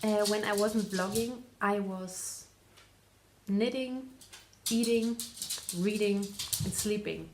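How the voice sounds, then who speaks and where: A young woman talks in English with a German accent, easygoing and chatty. She laughs often and stops to correct her own words as she goes, as a host speaking from home. Her voice sits at an ordinary middle pitch. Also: slow, long pauses, background noise. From northern Germany. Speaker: podcast host. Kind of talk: casual chat. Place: home in Lower Austria.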